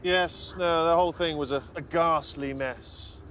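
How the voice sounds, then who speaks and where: A posh flustered British heir. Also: male voice, fairly high pitch, unhurried, pushed and bright, slight background noise. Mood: chummy. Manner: chummy, defensive, slangy.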